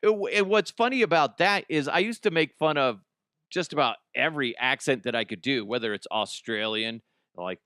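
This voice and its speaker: A man who is a radio host, telling a casual comedic story, animated, swearing and laughing as he talks. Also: mid-range voice, moderate pace, smooth, no room sound, clean studio sound. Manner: animated, swearing, laughs often, slips into voices.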